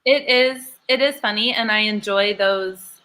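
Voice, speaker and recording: A woman's voice: medium pitch, measured pace, bright, forceful tone. A woman from Pennsylvania chatting as a podcast guest about her dancing career, stringing her sentences together with constant "like" fillers. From Pennsylvania, USA. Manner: rambling, fills almost every phrase with "like". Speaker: podcast guest, former showgirl dancer. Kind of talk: casual chat.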